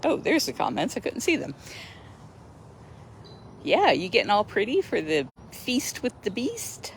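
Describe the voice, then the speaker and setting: A woman with a mid-range voice and huge pitch swings speaks unhurriedly, with a little hiss or hum in the background. She hosts a sanctuary livestream outdoors near a lake, chatting enthusiastically into her phone and laughing often in this casual live-stream chat.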